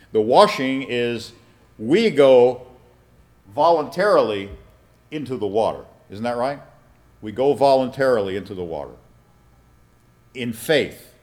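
A pastor preaching a teaching sermon, asking his congregation questions and checking that they follow with "all right?". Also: lowish voice.

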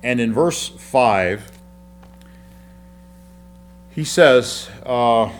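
A man's voice: mid-range voice, animated, extremely slow. A man preaching a sermon, teaching through Bible passages in a conversational way, with rhetorical questions and frequent restarts. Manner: repeats and restarts words while explaining.

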